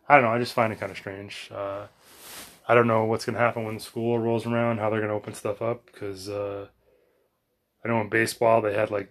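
An American man rambling in a casual monologue at home, sweaty from exercise, full of fillers and restarts. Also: fairly low pitch. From United States. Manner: chatty, meandering, frequent fillers and restarts. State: sweaty and warmed up after exercise. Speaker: vlogger. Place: home bedroom.

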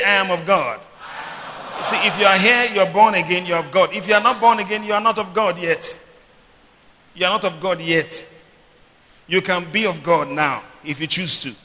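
A man preaching in a high, piercing, brilliant voice. He swings between booming declarations and calm teaching, calling the congregation to answer back. The sound rings with the long reverb of a church hall. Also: moderate pace. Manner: preaching with call-and-response, swinging from loud declarations to quiet explanation. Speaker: pastor. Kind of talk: sermon.

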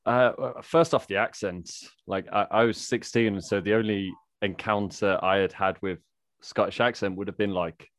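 A young man with an English Midlands accent, talking in loose casual chat and cursing freely. He stumbles and restarts his sentences a lot, in a low-pitched voice. The sound is dry and close, with no room around it. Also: steady tone, moderate pace, dry recording. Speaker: guest.

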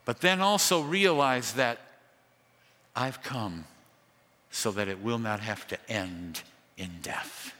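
A man preaching a sermon through a sound system, telling the story dramatically with lively asides. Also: medium pitch, takes it slowly, long pauses, in a large hall. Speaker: pastor. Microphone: amplified through a sound system.

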